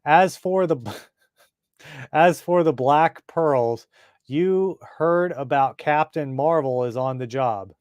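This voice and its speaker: A man's voice: fairly high pitch, slow, darkish tone, clear, resonant tone, no echo. A man voicing a cheerful young boy radio reporter in a comic reading, eager and chatty.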